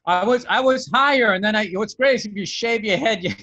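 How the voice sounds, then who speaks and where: A man's voice: high voice, a little fast, bright, forceful tone, highs cut off. A man co-hosting a podcast, needling his partner with teasing banter. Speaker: podcast co-host. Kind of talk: casual comedic chat.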